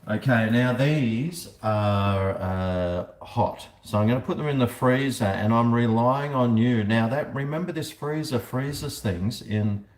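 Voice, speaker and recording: Here the Australian man's voice is medium-pitched and measured, with hardly any pauses. He's hosting a livestream at home, inside and on the balcony, casually rambling, cracking jokes and addressing his dog. The recording has an echoey room quality and faint noise behind it.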